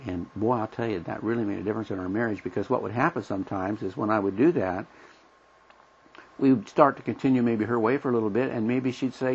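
A man's voice: mid-range voice, quick pace, breathy edge. A middle-aged man teaching a Bible lesson in a folksy, plain-spoken way, acting out everyday conversations. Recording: dull lo-fi recording.

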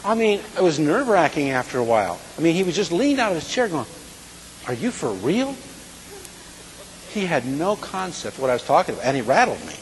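A man's voice: fairly high pitch, very animated, quick pace, few pauses. A man preaching a sermon, talking plainly and checking in with his listeners as he goes. His voice carries a long echo from the hall around him. A faint hiss sits under it. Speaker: Bible teacher.

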